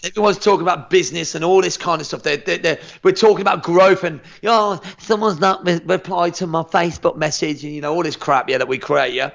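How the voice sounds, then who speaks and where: A martial arts instructor talking on a podcast, energetic and emphatic, swearing freely and tripping over repeated words. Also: male voice, on the high side, fast talker, creaky, hardly any pauses, muffled recording. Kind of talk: motivational podcast chat.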